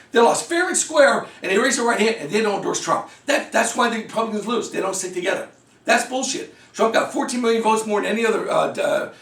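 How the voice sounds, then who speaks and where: Guy ranting hard into his camera, high voice that jumps all over, roomy echo, sounds a bit far off the mic. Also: a bit bright. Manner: heated, fast ranting, swings pitch wildly. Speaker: political commentator. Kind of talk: ranting political monologue.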